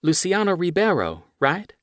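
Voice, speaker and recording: A man's voice: high-pitched, huge pitch swings, moderate pace, no room sound, studio quality, pitched above the performer's own voice. A man voicing a cheerful, chatty young American woman journalist with an American accent. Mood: bubbly.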